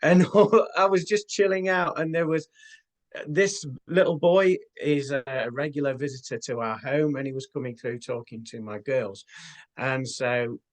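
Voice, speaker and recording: A man talking as an interview guest and spiritual medium, telling his experiences in an earnest, unhurried way with many fillers. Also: medium pitch. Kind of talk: casual interview talk.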